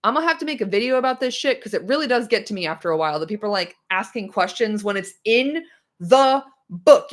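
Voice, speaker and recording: A woman talks to her stream chat in a loose, casual way, swearing freely and getting worked up. Her voice is a little hoarse and not at full strength. She rants animatedly, with sudden bursts of emphasis. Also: medium pitch, a little fast. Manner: animated, profane, ranting. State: slightly hoarse. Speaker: streamer discussing a book chapter.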